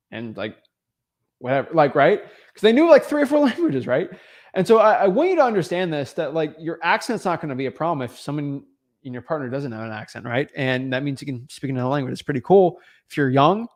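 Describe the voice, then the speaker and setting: A man hosting a livestream, talking straight to viewers with energy and acting out little dialogues. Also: mid-range voice. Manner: energetic, talks to viewers directly, acts out quick dialogues. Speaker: host. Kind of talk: livestream coaching talk.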